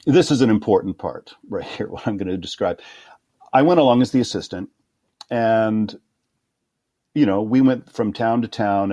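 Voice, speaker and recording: A middle-aged man with a low voice tells anecdotes in a relaxed interview. He slips into other people's voices to act out the quotes, and laughs easily. The sound is dry and close. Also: no echo. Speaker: guest conductor. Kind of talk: storytelling interview.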